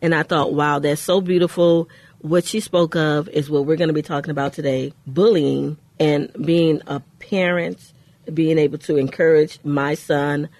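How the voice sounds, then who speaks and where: A woman co-hosting a faith-based radio talk show, telling a personal story in an earnest way with pauses. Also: low-pitched, steady tone, a little mellow, no echo.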